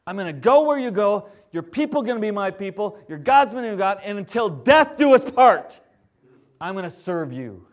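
A man's voice: high voice, very animated, normal speed, pitched above the performer's own voice. A man voicing Ruth, a loyal young woman who firmly insists on staying, spoken in a sermon. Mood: indignant. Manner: firm, insistent vow.

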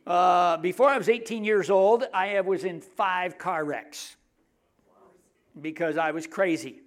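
A middle-aged man preaching a sermon in a conversational, joking way, often dropping his voice to hushed asides. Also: high-pitched, unhurried. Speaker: pastor.

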